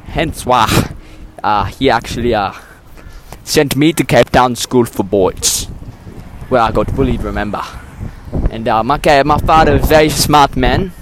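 A man hosting a comedy podcast in a mock South African accent, telling absurd stories in a meandering, deadpan way, full of hesitations. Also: medium pitch, measured pace, slight background noise. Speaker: podcast host. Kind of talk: rambling comedic podcast monologue.

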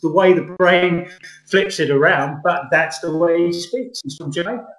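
Middle-aged man, guest actor, somewhat high voice, earnest rambling talk, roomy echo. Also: moderate pace, crowd noise. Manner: earnest, rambling, lively emphasis. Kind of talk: conversational interview.

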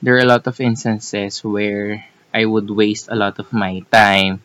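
A man's voice: on the low side, steady tone, measured pace, fairly bright tone, poor audio. A man co-hosting a casual podcast chat, teasing and restarting his sentences as he talks. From Philippines. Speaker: co-host.

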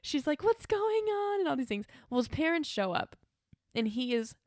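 A young woman with a fairly high voice chats casually about a show she loved. She talks in a gushing, animated way. The sound is dry and close, with little room. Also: moderate pace, no echo. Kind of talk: casual chat reviewing a TV drama.

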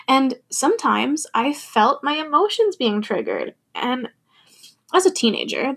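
A woman's voice: a little high, gravelly, a bit bright, breathy edge. A young adult woman talking candidly and thoughtfully about her feelings in a personal monologue, laughing now and then.

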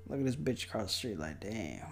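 A young man giving casual, profane commentary while watching a movie, mocking it and breaking into loud outbursts. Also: on the low side, very animated, a little fast, vocal fry, soft background music.

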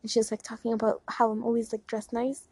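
A young woman with a raised, gravelly voice talks in a loose, rambling way, leaning on fillers as she leads listeners through affirmations. Her tone is warm and mellow rather than bright. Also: fairly high pitch, monotone, quick pace, no room sound, poor audio. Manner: rambling, heavy use of "like" and fillers. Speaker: vlogger leading affirmations. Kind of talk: casual chat and guided affirmations.

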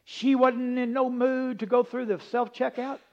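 A man preaching a folksy, humorous sermon, rambling into stories and dropping from loud emphasis to hushed asides. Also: extremely high pitch, level tone, measured pace. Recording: dull lo-fi recording.

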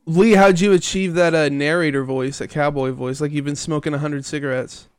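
A man's voice: a little high, steady tone, fairly quick, clean tone. A man hosting a podcast, asking curious, easygoing questions and joking with his guests. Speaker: podcast host. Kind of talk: casual interview questions.

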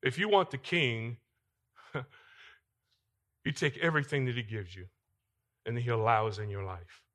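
A male pastor preaching a sermon in a church, swinging between loud emphatic lines and quiet asides. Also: medium pitch, unhurried. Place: church sanctuary.

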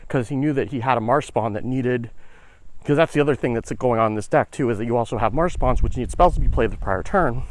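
A man's voice: mid-range voice, fast, a little hiss or hum. A man hosting a podcast, talking casually while walking uphill outdoors and slightly out of breath. He rambles, with lots of "like" fillers and "right?" checks. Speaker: podcast host. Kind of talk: casual explanatory podcast talk.

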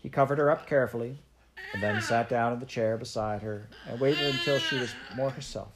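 A woman narrating a children's story aloud in a steady, measured way. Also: very deep voice, crowd noise. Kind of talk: audiobook narration.

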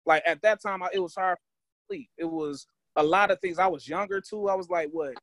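A man's voice: sits high, big pitch swings, fairly quick, gravelly, fairly bright tone, no room sound, poor audio. A man in his thirties co-hosting a podcast, explaining himself at length with filler phrases and getting defensive. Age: 30s. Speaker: podcast co-host. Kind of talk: casual podcast debate.

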